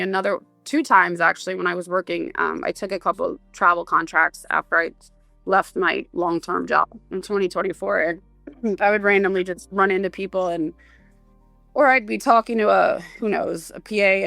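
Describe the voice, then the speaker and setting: A woman's voice: fairly low pitch, vocal fry, fairly bright tone, dry recording. A woman guest on a podcast, a bereaved mother turned advocate, telling rambling anecdotes full of fillers and acted-out quotes. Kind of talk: casual podcast storytelling.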